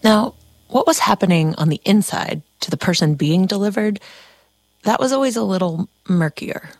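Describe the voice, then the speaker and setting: A woman's voice: mid-range voice, expressive, normal speed, darkish tone, no room sound. A woman host narrating a story and asking curious, attentive questions. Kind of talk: scripted narration and interview questions.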